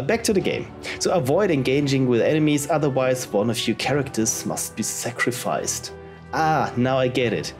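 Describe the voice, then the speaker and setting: A man's voice: medium pitch, a little mellow. A man casually commenting while he plays indie games, reading on-screen text aloud in a chatty way. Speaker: let's play host.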